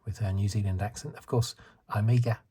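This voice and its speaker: A soft-spoken man in his fifties from the UK chats in a low, mellow voice with an extremely smooth, resonant tone. He rambles and corrects himself as he goes, in a relaxed ASMR style. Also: moderate pace. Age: 50s. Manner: rambling, self-correcting, chuckles. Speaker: ASMR channel host.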